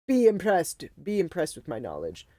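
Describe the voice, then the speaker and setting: A woman's voice: fairly low pitch, huge pitch swings, moderate pace, warm tone, dry recording. A Canadian woman co-hosting a casual game stream, chatty and self-mocking, swearing and laughing often. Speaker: livestream co-host. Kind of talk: casual gaming stream chat.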